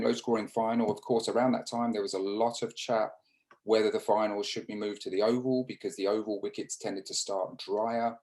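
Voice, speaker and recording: Over a video call, an Englishman in his fifties who once played cricket shares stories in a relaxed interview. His delivery is halting, full of fillers and restarts, in a fairly low-pitched, darkish voice captured on a rough recording.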